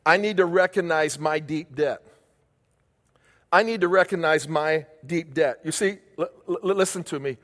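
A man's voice: on the high side, normal speed, fairly bright tone. An older man preaching a sermon as a pastor, emphatic, repeating key phrases and asking rhetorical questions. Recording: long reverb of a large hall.

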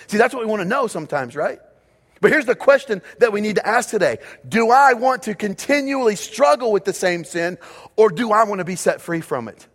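A man's voice: high-pitched, lively intonation, a little fast. A man preaching a sermon as pastor, speaking emphatically and repeating key phrases for his congregation. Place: church auditorium. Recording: long reverb of a large hall.

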